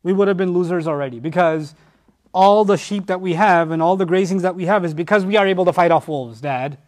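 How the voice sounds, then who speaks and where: Man voicing scheming brothers, insistent and falsely earnest, pitched high. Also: fairly quick, a little mellow, lightly acted. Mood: pleading. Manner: earnest and insistent, protesting innocence. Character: scheming grown brothers pleading with their father.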